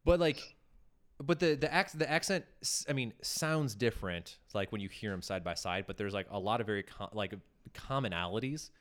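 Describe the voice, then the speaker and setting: Low-voiced rambling man chatting. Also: expressive, moderate pace, a bit bright. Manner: rambling, filler-heavy, swears, laughs often. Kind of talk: casual chat. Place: near Pasadena.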